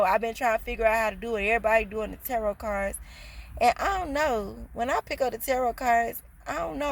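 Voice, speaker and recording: A woman's voice: mid-range voice, a little hiss or hum. A woman telling a casual storytime on her vlog, blunt, slangy and passionate, swearing freely. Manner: slangy, streetwise talk. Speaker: vlogger.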